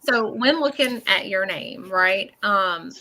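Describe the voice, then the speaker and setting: A psychic medium gives a caller a live reading, halting and earnest, full of fillers and frequent "okay?" check-ins, and blunt in what she says. Her mid-range voice is animated, bright, and forceful.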